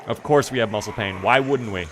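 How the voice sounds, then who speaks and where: A man's voice: fairly low pitch, brisk. A young man commenting casually on a live game stream, joking, swearing and answering chat as he plays. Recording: noisy stream audio with clicks.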